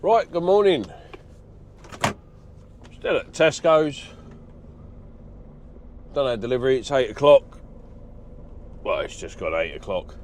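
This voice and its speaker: A man's voice: mid-range voice, lively intonation, slow pace, long pauses, darkish tone, slight background noise. A middle-aged man, chatting casually in a trucker vlog, rambling with lots of ums and uhs. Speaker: truck driver vlogger.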